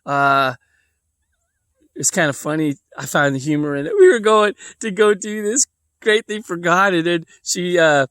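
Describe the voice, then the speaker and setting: Male vlogger, casual storyteller, meandering delivery; slightly high voice, dry close recording. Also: measured pace, a bit bright, clear, resonant tone, no echo. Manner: rambling, with lots of fillers and restarts.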